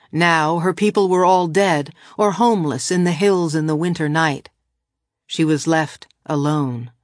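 A woman reading a novel aloud in a measured, even storytelling voice. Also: on the low side, no echo, clean studio sound. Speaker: audiobook narrator. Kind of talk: scripted narration of a novel.

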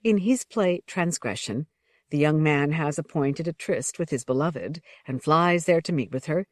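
Measured, dry-voiced storybook narrator. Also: mid-range voice, expressive, dry recording. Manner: measured, unhurried reading in short phrases. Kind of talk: scripted narration of a fantasy text.

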